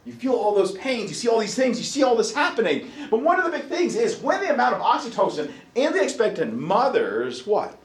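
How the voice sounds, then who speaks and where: A man's voice: very high-pitched, a little fast, hardly any pauses, reverberant. A man lecturing a college class with jokes and questions thrown to the students. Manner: animated, jokey, asks the class questions.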